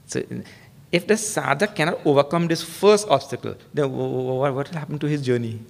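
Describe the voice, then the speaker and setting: A spiritual teacher delivers a humorous sermon, telling stories and acting out quotes, with emphatic stress that rises in pitch. He speaks fairly quickly, with vocal fry in his voice.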